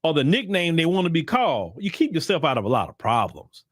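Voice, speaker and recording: A man's voice: a little high, huge pitch swings, fast, no room sound, clean studio sound. A man giving blunt, emphatic opinion commentary in casual slang, often repeating himself for emphasis. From United States. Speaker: commentary channel host.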